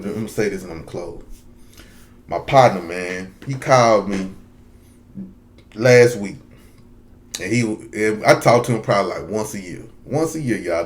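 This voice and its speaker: A man's voice: fairly low pitch, slight background noise. A man giving earnest, heartfelt commentary straight to his viewers, repeating lines for emphasis. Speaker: vlogger. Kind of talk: direct-to-camera commentary.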